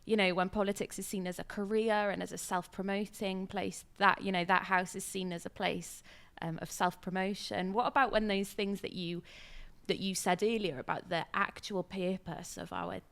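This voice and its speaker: A woman's voice: medium pitch, steady tone, normal speed, creaky, a bit bright. A young woman co-hosting a podcast puts a challenging question to her guest. Her voice sits in a middle range, and she probes carefully, sometimes stopping and restarting mid-phrase. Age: young adult. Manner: probing, searching for words. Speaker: podcast co-host. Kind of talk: interview questions.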